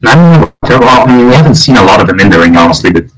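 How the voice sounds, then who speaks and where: A man co-hosting a wrestling podcast in casual chat, animated and quick to jump in. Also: on the low side, crowd noise, low-quality recording. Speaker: podcast co-host.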